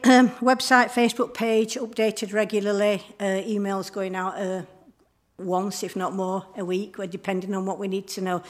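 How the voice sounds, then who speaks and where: A woman giving church notices and a talk during a service, chatty and friendly with frequent ums and throat clearing. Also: mid-range voice. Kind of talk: church notices and informal sermon.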